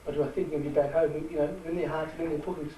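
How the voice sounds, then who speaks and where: A man with a New Zealand Māori accent, giving a halting, heartfelt speech to a rugby team. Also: on the high side, flat delivery, a little hiss or hum. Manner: halting, warm-hearted, switches between Māori and English. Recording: echoey room from far off.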